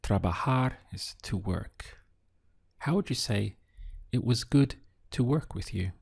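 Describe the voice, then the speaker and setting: Male teacher, dark mellow voice, unhurried and patient, pausing between phrases. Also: mid-range voice, lively intonation, gravelly, husky. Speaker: language teacher. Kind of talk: slow, clear language lesson.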